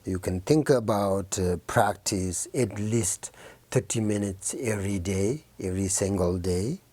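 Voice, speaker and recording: A man speaks as a Buddhist teacher in a very low, mellow voice, offering gentle New Year encouragement to his students. He talks slowly, pausing often with soft fillers. The sound is dry and close. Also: slightly rough, dry recording. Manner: halting, many fillers and pauses.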